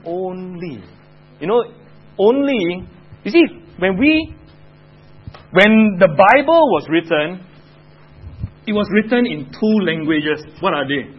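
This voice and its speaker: A man's voice: high voice, big pitch swings, takes it slowly, pauses often, breathy edge, muffled recording. A man with a Singaporean English accent teaching a Bible lesson to children, chatting and asking the class questions.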